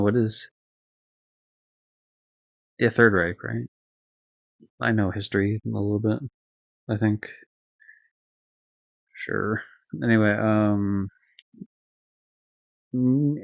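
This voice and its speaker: Young man, low voice, rambling, swears, casual stream talk, dry muffled sound. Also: dry recording. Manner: rambling, swearing, lots of fillers and self-corrections. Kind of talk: casual live-stream game review. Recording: dull lo-fi dry stream audio.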